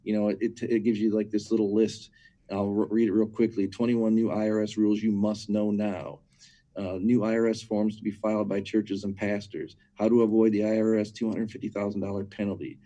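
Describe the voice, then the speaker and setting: A man with a lowish, warm, mellow voice talks as a guest in a conversational teaching style. He drives his points home emphatically, stacking repeated words, and keeps asking "right?" to his listener. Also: level tone, fairly quick. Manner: asks listeners rhetorical questions. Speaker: guest speaker on church matters.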